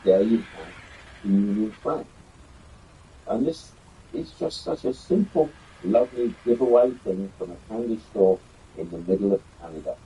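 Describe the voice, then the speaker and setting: An older man talks through a history prop in a relaxed, rambling way. His voice is deep and dark, moving widely up and down in pitch. A faint hum of background noise sits under him. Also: low-quality recording. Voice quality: chatty, rambling with fillers. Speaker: YouTube history host. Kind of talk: casual show-and-tell presentation.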